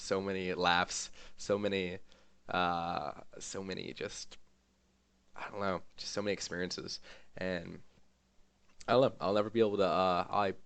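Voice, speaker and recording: A man streamer giving an emotional, rambling farewell to his gaming community, with lots of fillers and pauses. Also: low voice, vocal fry, fairly bright tone, dry recording. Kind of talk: heartfelt farewell vlog.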